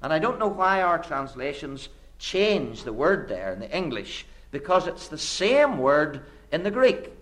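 A man preaching a sermon in an earnest, rhetorical way, building with repeated phrases and swinging between hushed low phrases and sudden emphatic rises. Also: sing-song, unhurried, hardly any pauses.

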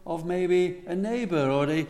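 A man's voice: high-pitched, unhurried, a little mellow. Earnest male preacher in a reverberant hall. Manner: earnest, repeats words when stressing a point. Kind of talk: sermon.

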